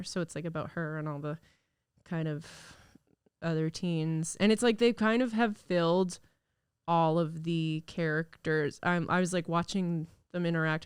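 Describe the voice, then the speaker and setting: A woman's voice: sits low, clean tone, dry recording. A young woman hosting a podcast, chatting casually and rambling with lots of fillers, recorded in a studio. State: recovering from illness. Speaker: podcast host. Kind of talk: casual solo podcast chat.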